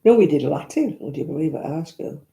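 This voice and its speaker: An older vlog host with a Northern English accent speaks fairly quickly and animatedly in a low, gravelly, mellow voice. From an echoey room at home, she reminisces casually while answering viewer comments with blunt asides.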